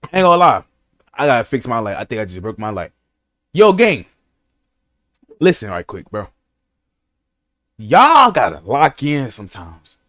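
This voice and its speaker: Animated young man in slangy reaction chat. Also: medium pitch, normal speed, long pauses, no room sound. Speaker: streamer reacting to a story video. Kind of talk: casual reaction commentary. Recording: music playing behind.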